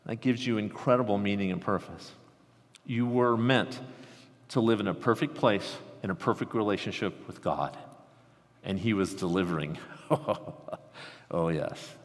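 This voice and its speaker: A man with a Midwestern American accent preaching a conversational sermon, swinging between animated excitement and hushed intensity. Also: lowish voice, moderate pace, pauses often. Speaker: pastor. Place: large church sanctuary. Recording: reverberant sanctuary sound.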